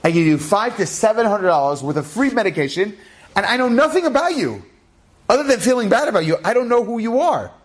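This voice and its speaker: A man's voice: high-pitched, expressive, brisk, hardly any pauses, voice pushed up. A man doing a blunt, incredulous pharmacist. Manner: incredulous, explaining. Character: blunt male pharmacist, working-age man.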